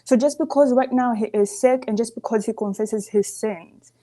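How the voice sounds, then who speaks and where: Earnest woman caller with a mellow voice. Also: fairly high pitch, moderate pace. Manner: earnest, emphatic, says "you see" often. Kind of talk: call-in opinion.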